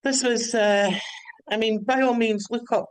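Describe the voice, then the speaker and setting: Caller, rambling storyteller, stumbles and restarts, dry close sound, middle pitch. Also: fairly even intonation, unhurried, clean tone, no echo, low-quality recording. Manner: many restarts and repeated words.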